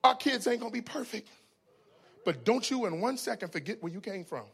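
A man preaching a sermon in an animated way, telling funny stories and swinging between loud exclamations and hushed asides. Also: high voice, brisk, vocal fry, breathy edge. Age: adult with children. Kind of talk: sermon with humorous storytelling.

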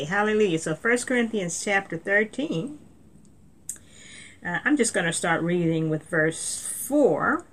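A woman preaching a sermon in an earnest tone, often repeating words and reading scripture aloud. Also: on the low side.

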